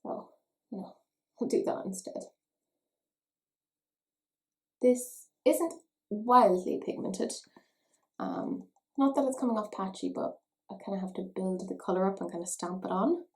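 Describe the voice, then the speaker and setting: A woman's voice: mid-range voice, steady tone, moderate pace, creaky, low-quality recording. A woman, chatting playfully and mocking herself while doing her makeup at home for a beauty vlog. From Ireland. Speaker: beauty vlogger. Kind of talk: casual makeup tutorial chat.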